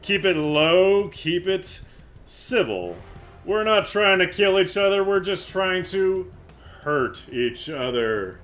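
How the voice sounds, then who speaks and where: A man voicing a booming male arena announcer with grand, drawn-out showman calls. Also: big pitch swings, fairly bright tone, faint music behind, full character voice. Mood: laying down rules.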